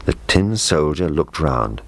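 A man reading a children's story aloud in a gentle, measured storytelling manner. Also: extremely low pitch, very animated.

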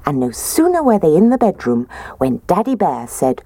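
Woman reading a bedtime story, low gravelly voice, slow and very expressive, dry close sound. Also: dry recording. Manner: expressive, playful character voices.

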